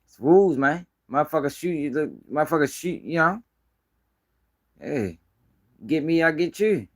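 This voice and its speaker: A man's voice: a little high, expressive, moderate pace. A man from Baltimore giving blunt, profane street news commentary on a casual live stream. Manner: blunt, profane, emphatic ranting.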